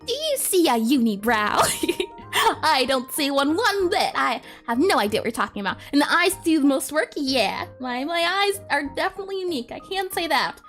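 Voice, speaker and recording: A woman with a high, bouncy voice chats casually on a drawing stream and giggles often. She reads viewer comments aloud and answers them. Soft music plays behind her. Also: sing-song, normal speed. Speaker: art streamer. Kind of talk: casual live-stream chat while drawing.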